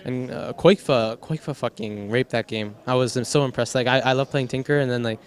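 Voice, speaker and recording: Young male pro gamer, mid-pitched, chatty post-match interview, rambling, swears freely. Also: brisk. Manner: rambling, with frequent restarts and casual swearing. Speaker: professional esports player.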